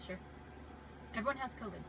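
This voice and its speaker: A woman in casual chat on a podcast, telling animated stories and laughing often. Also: a little high, brisk. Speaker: podcast guest. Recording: dull lo-fi sound with clear background noise.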